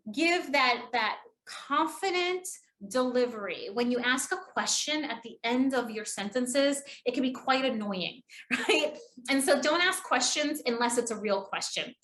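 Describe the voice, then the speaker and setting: A woman from New England with its accent, a public speaking trainer giving an online lesson, chatty and quick, demonstrating delivery by swinging her pitch. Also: sharp tone, echoey room. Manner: chatty, casual, fast-talking.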